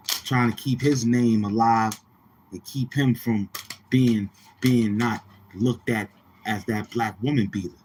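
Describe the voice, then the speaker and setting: With a mid-range, darkish voice and slight hiss or hum in the audio, a commentary vlogger rambles on his channel. His street-talk delivery is taunting and slangy, and he repeats himself a lot.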